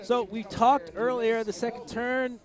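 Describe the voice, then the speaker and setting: A man's voice: very high-pitched, steady tone, normal speed, a crowd in the background. A man commentating live racing and chatting with riders in a small booth, upbeat and joking. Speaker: race commentator and pit interviewer. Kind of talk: live sports commentary and interviews. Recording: loud music behind the voice.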